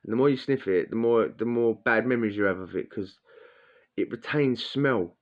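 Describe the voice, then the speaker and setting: A man's voice: mid-range voice, moderate pace. A man telling a blunt, crude prison story in casual slang, acting out what people said. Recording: dull lo-fi sound.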